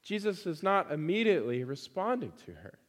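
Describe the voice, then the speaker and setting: A man's voice: high voice, sing-song, fairly quick, big-room sound. A man preaching a sermon to his congregation, emphatic and fond of repeating phrases for stress.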